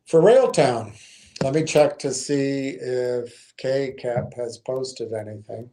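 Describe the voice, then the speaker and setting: A man talks slowly and unhurriedly in a warm, darker voice. He hosts a casual investing stream and reads numbers aloud. He pauses on fillers and corrects himself as he goes. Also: mid-range voice. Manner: unhurried, thinking aloud with frequent ums and self-corrections. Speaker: stream host. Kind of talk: casual investing talk, reading out analysis.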